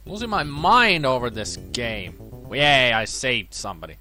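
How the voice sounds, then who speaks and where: A man doing a let's play commentary, grumbling and mumbling to himself and bursting into shouted curses. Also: medium pitch, huge pitch swings, unhurried, faint music behind. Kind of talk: frustrated gameplay commentary.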